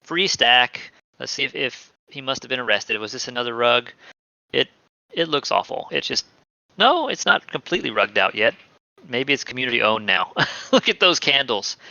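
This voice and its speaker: A man's voice: medium pitch, very animated, moderate pace, vocal fry, pushed and bright, no echo, muffled recording. A man from Texas, co-hosting a casual streamed chat, joking and reading screen text aloud. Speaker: podcast co-host.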